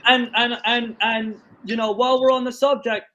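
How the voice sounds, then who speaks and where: High-voiced, animated storytelling man. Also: normal speed, dull audio. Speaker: podcast host. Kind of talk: casual storytelling chat.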